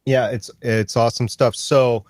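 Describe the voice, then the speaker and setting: A man's voice: mid-range voice, fairly even intonation, a little slow, a little mellow, dry recording, clean studio sound. A man hosting a casual podcast, talking about comics in a rambling, stop-start, enthusiastic way. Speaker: podcast host.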